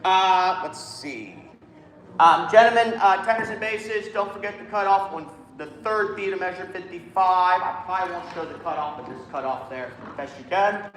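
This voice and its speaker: A man's voice: high voice, normal speed, a bit bright, echoey room, a little hiss or hum, rough recording. A man leading a choir rehearsal, coaching the singers and singing phrases to show them how. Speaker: choir director.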